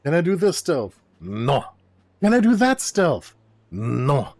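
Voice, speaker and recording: A man voicing a young male hero as a pompous proletariat revolutionary with a deliberately bad French accent. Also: a little high, huge pitch swings, a little mellow, no echo, voice pushed up, exaggerated voice. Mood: grandiose. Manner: grandiose, declamatory, talks to enemies. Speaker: game commentator. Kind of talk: let's play voice role-play.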